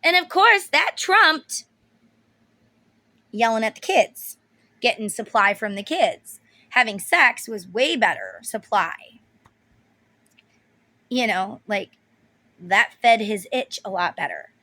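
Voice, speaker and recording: A woman's voice: mid-range voice, big pitch swings, slow pace, pauses often, sharp tone, no room sound. A woman in her thirties giving a casual tarot reading, talking bluntly and emotionally and swearing freely. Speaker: tarot reader.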